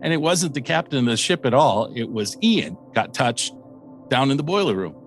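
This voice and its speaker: Man recounting a haunting, animated and excitable, quotes voices of others, mid-pitched everyday voice, lots of uhs and restarts, interview-style storytelling. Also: moderate pace, faint music behind. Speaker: paranormal investigator.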